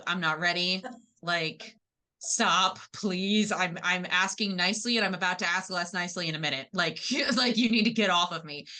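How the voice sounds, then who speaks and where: A woman chatting casually in a group discussion, animated and full of fillers. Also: lowish voice. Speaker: panel guest.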